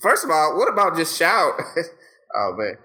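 A man's voice: on the high side, sing-song, normal speed, sharp tone. A man in casual podcast chat, slangy and profane, laughing often as he tells stories.

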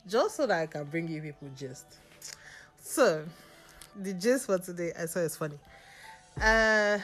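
Podcast host, woman, sassy storyteller with a lowish voice. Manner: animated, laughing, playfully sassy. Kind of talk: casual storytelling.

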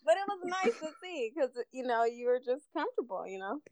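A young woman chatting casually in a group conversation, laughing often and telling stories with animated energy. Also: high-pitched, brisk, no room sound.

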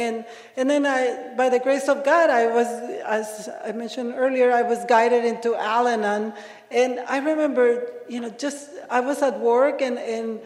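A woman's voice: a little high, darkish tone. A woman sharing her story as a speaker on a conference panel, laughing often and restarting her sentences. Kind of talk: personal recovery share. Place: large conference hall. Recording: echoey hall.

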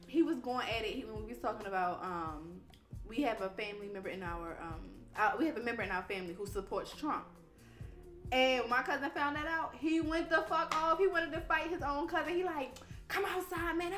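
Bright animated woman telling a story. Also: on the high side, a little fast, soft background music. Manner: animated, swears freely. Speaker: podcast host. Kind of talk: casual storytelling. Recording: roomy echo.

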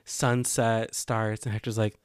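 With a clean tone on the low side and a measured pace, a young podcast co-host casually recounts a story, animatedly acting out what people said. The studio-quality recording has no room sound.

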